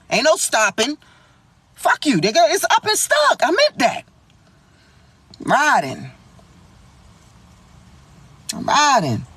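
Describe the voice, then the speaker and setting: A young woman telling a story in a vlog, animated, slangy and full of swearing. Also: on the high side, slightly rough, dry recording.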